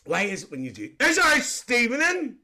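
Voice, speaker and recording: A man's voice: very high voice, wildly swooping pitch, normal speed, bright, forceful tone, heavily acted. Bloke doing cheeky auntie lady, giggly and rude, squeals all over the place, live stream chat. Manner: giggly and risqué, squealing "lovely". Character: bawdy cheeky auntie woman, gossiping and giggling. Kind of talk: comedy live stream chat reading comments.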